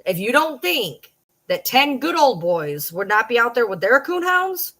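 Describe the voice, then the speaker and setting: A woman's voice: on the high side, sing-song, a little slow, bright, forceful tone, rough recording. Woman, Michigan accent, around forty, blunt, profane, chatty livestream talk. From Michigan, Detroit downriver area. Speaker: social media personality. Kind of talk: late-night livestream chat.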